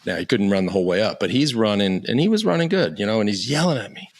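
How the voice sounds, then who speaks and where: Low-voiced American man telling stories. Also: fast, few pauses. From United States. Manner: profane, animated anecdote-telling with many restarts. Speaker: guest. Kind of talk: casual storytelling.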